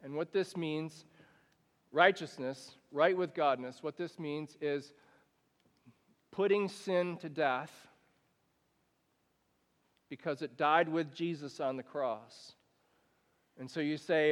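A man delivers a sermon from the pulpit in a bright, high-set voice. He talks to the congregation like a friend, slipping into quick acted-out scenes. His words ring out with a long hall reverb. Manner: animated, conversational preaching with acted-out examples. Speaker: pastor.

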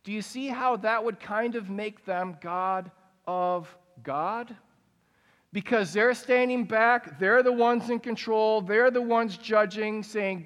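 High-voiced man preaching in a reverberant hall. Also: slow pace, fairly bright tone. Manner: conversational, asks the audience questions. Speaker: pastor. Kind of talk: sermon.

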